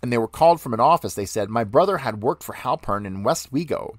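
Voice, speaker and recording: A man's voice: medium pitch, expressive, fast, no echo. Man reading court testimony, dry sound. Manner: reads both the questioner and the witness in one voice. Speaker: podcast host.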